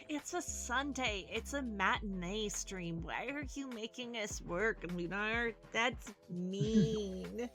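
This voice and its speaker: A woman's voice: mid-range voice, slow pace, a bit bright, faint music behind. A woman casting a live video game match with a dry, wry humor. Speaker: esports caster.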